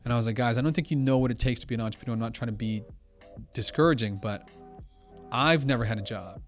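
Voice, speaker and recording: A young man speaks as a podcast guest, telling an anecdote with lively energy. He acts out both sides of a conversation and keeps it loose and casual. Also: medium pitch, fast, faint music behind. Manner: animated, quotes others, says blah blah. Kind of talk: casual storytelling.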